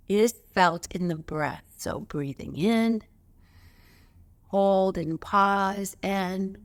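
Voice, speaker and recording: Calm woman teaching chakra stuff, slow and emphatic, walks you thru breathing. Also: on the low side. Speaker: spiritual teacher. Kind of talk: guided spiritual teaching.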